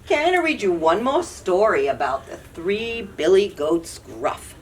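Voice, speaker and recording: A woman, a children's librarian, reading picture books aloud at storytime with animated delivery, recorded slightly distant with faint hiss. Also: medium pitch. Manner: slow, animated read-aloud.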